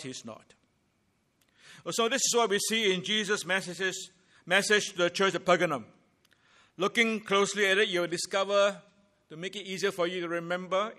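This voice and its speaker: A man preaching a sermon as pastor, emphatic and deliberate, building points in rhythmic groups of three. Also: high voice, sharp tone.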